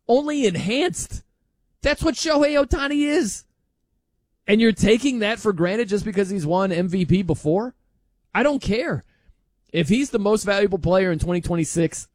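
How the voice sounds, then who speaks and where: A man sits at the mic and rants about sports. His voice is slightly high and swings widely as he argues, incredulous and emphatic, breaking into laughs. The sound is dry and close. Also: darkish tone, no room sound. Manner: emphatic, incredulous, laughs often, mimics others. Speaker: sports talk host. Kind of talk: animated sports talk monologue.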